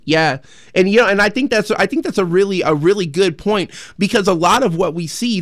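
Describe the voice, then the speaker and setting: A man hosting a call-in radio show, speaking earnestly and haltingly with many fillers and restarts. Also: a little high, no room sound, clean studio sound. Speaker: radio host. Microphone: studio microphone.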